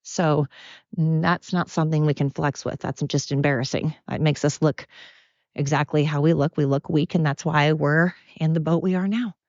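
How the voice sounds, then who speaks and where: A woman speaks in a low, steady voice at a moderate pace, with no echo. She hosts a solo podcast, walking around outdoors as she rants about her opinions bluntly, profanely, heatedly, and repetitively. The sound is dull, lo-fi, and dry.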